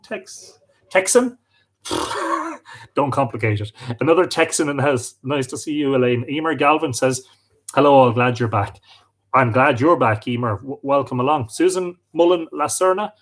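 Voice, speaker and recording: A man hosting a live stream, chatting and greeting viewers as he reads out their comments. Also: on the high side. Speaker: host.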